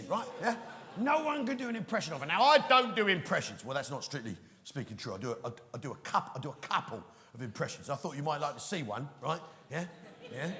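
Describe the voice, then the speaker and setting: A man's voice: a little high, bright, forceful tone. A man doing a live stand-up routine in a big theatre, ranting and swearing and constantly checking in with the crowd. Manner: ranting, swearing, keeps prodding the crowd with "right?". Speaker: stand-up comedian. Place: large theatre with a live audience. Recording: reverberant live venue sound.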